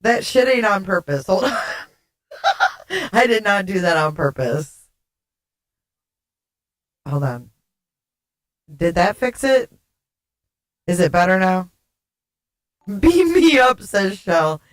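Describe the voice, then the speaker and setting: A woman's voice: lowish voice, lively intonation, slow, pauses often. Woman streamer with a glitchy alien-sounding voice changer. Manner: giggly, flustered, swears casually. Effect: glitchy voice changer making her sound alien. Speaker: livestream host. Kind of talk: casual livestream chat with viewers. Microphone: desktop streaming mic.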